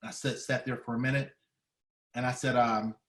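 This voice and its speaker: A man giving an emotional storytelling speech, heartfelt and dramatic, shifting between loud and hushed. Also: mid-range voice, level tone, moderate pace, roomy sound. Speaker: speaker at a staff training day.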